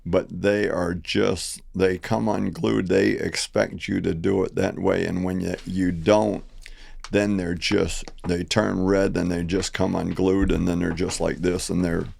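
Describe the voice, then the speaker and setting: A man co-hosting a casual interview podcast, relaxed and telling what he has seen. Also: low-pitched, unhurried, gravelly, breathy edge.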